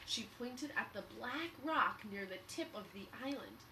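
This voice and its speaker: A woman teacher reads a children's book aloud at story time in an expressive, encouraging way. Her voice is high and lively and moves at an unhurried pace. The mic sits a little far off, with a faint hiss behind her.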